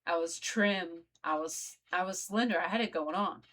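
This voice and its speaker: Woman telling a personal story, lowish voice. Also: moderate pace, fairly bright tone. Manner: conversational, addresses viewers directly. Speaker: vlogger.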